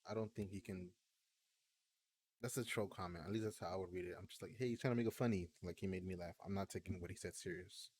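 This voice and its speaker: A man's voice: low voice, fairly even intonation, fast talker, darkish tone. A man chatting casually on a stream, laid-back and rambling, with many fillers. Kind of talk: casual chat.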